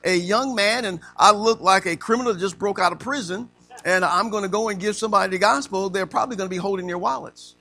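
Male preacher with a bright, gravelly tone, teaching interactively and emphatically. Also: high voice, fast. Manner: asks the room questions and acts out stories. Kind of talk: interactive sermon.

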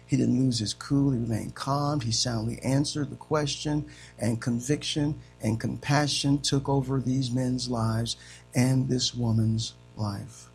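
Gravelly preacher with swinging dynamics. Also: male voice, mid-range voice, fairly even intonation, a little slow, faint music behind, poor audio. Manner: swings between shouting and soft, dramatic delivery. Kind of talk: sermon.

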